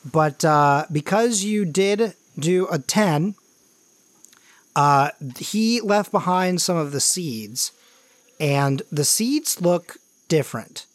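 A man's voice: fairly high pitch, expressive, takes it slowly, no room sound. A man narrating a tabletop role-playing game as game master, in loose, filler-heavy talk.

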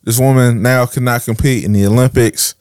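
A man's voice: medium pitch, steady tone, a little fast, darkish tone, smooth, dry recording, studio quality. A man co-hosting a podcast, talking bluntly and jokingly, swearing freely. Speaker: podcast co-host. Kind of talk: casual chat.

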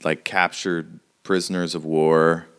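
A man's voice: deep voice, flat delivery, slow pace, smooth. A man narrating casually as game master of a tabletop role-playing game.

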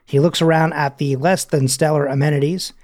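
A man's voice: fairly high pitch, fairly even intonation, fairly quick, a little mellow. Chatty man recapping a movie scene. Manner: chatty, reads scene quotes aloud with asides. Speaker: podcast host.

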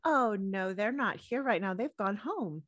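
A woman's voice: medium pitch, lively intonation, a little slow, dull audio, background noise, close to an everyday voice. A woman voicing a polite, helpful clerk answering the phone in a tabletop game.

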